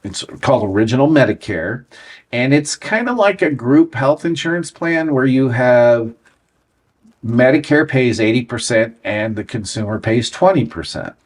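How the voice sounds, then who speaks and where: An American man in his sixties appears as a guest on an interview show, recounting stories from his career and acting out the dialogue in them. His medium-pitched voice is animated and moves at normal speed.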